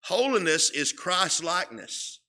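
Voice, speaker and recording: A man teaching a Bible lesson in a church, deliberate and emphatic, leaning on each key word. His voice sits a little high for a man and has a bright, forceful edge. He talks very slowly. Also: animated. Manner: slow and emphatic, stretching key words, often repeating words. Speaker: Sunday school teacher. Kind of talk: sermon-style Bible lesson. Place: church sanctuary.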